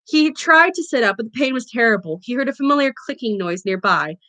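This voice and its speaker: A woman's voice: on the high side, expressive, a little fast, hardly any pauses, bright, forceful tone, rough recording. A woman reading a novel aloud for a book club, stumbling and correcting herself as she goes. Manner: reads with slips and self-corrections.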